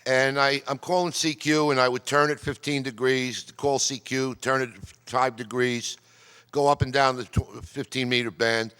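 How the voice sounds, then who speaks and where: A chatty, digressive middle-aged man from New York telling radio stories to a club audience. His voice is bright and forceful. It echoes with a long reverb, because he is speaking in a meeting hall. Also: mid-range voice, little pitch movement, moderate pace, clear, resonant tone. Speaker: amateur radio presenter. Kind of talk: casual storytelling talk.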